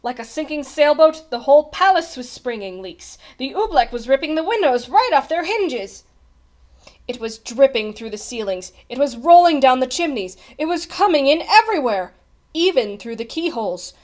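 High, animated woman reading a storybook. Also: normal speed. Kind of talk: reading a children's picture book aloud.

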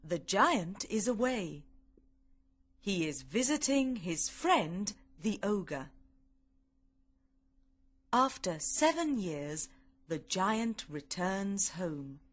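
A woman narrates a storybook in a slow, deliberate manner meant for learners. Her pitch sits in the middle but rises and falls expressively. Every word is clearly set apart.

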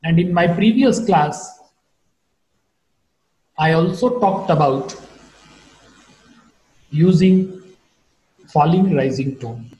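A man giving a recorded online lecture on English phonetics, teaching slowly and deliberately, with his voice rising and falling widely as he shows the tones. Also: mellow, roomy sound, dull audio. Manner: slow, deliberate teaching with wide pitch swings.

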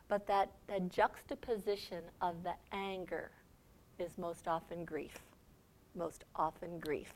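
A middle-aged woman giving a faith seminar talk, conversational and quick to laugh, often checking in with "okay?". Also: fairly low pitch, steady tone, darkish tone, slight background noise. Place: seminar room.

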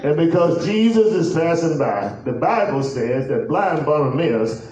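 A pastor preaching a sermon in a chanted, sing-song cadence. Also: male voice, a little high, very animated, unhurried, recorded from a distance, crowd noise. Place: large echoey church sanctuary. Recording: echoey church from afar, faint organ music.

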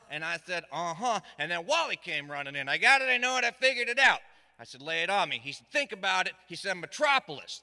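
A middle-aged man from Virginia, telling a comic story live on stage with dry asides and loud shouted lines. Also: high-pitched. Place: stage in a hall. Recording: echoey hall reverb.

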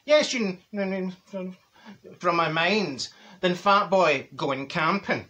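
A man's voice: high voice, slow, bright, forceful tone, dull audio, full character voice. A man playing a brash, straight-talking older woman from Glasgow with a Glaswegian accent, rambling through a comic monologue full of asides and cackling laughter. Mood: gossipy. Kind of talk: character comedy monologue.

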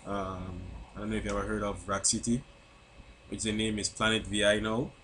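Crucian-accented young man, low voice. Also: flat delivery, brisk, a bit bright, a little hiss or hum. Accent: Crucian (St. Croix) English. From St. Croix, US Virgin Islands. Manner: chatty, keeps asking "you know what I mean?". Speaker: vlogger. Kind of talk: casual chat to camera.

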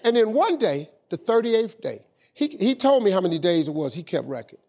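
A middle-aged man telling an animated motivational story, often repeating "man" as filler. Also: high voice, normal speed. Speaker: motivational speaker. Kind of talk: storytelling speech.

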